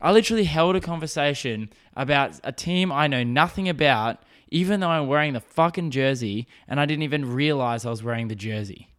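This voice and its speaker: A man's voice: on the high side, animated, brisk, few pauses, a bit bright, smooth. A young man hosting a podcast, telling a story in a rambling, profane, self-mocking way. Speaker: podcast host. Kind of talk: casual solo storytelling.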